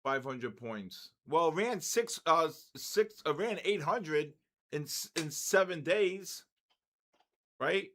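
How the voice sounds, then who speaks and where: An older man hosting a live trading stream, giving excitable market commentary, greeting viewers and stumbling over his words. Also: a little high, slow.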